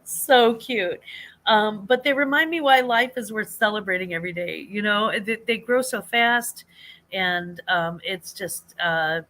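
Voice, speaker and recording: An older woman hosts a relaxed live chat, her voice bright and clear at a middle pitch. She rambles along, restarting sentences, trailing off with fillers and often breaking into laughter. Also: a little slow. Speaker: livestream host.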